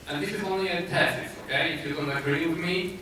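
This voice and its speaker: A man's voice: on the high side, fast, sharp tone. Polish-accented man in an echoey hall. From Poland. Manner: hesitant, many filler sounds and restarts. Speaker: conference speaker. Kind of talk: conference presentation. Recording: echoey hall, distant mic, noisy.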